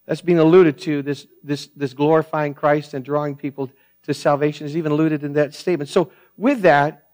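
Male pastor in the pulpit; earnest, emphatic, repetitive delivery with loud and hushed swings, voice a touch high. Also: steady tone, a little fast. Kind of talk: sermon.

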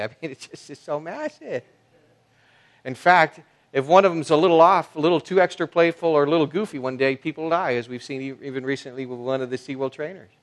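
A man preaching a sermon as pastor, talking conversationally with many fillers and restarts, swinging between soft asides and loud emphasis. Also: mid-range voice.

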